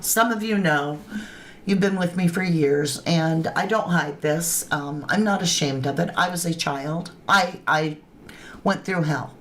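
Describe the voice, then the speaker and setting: A woman's voice: low voice, a little slow, a bit bright, slight background noise. A woman hosting a true crime livestream, chatting informally and talking straight to her viewers. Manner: informal grammar. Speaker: true crime channel host. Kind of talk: casual livestream commentary.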